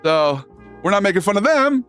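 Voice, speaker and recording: His voice sits high and swings widely in pitch, smooth and fairly bright at a normal pace, while faint music plays. He's a livestream host reading his chat, laid-back and sarcastic, tossing out slang.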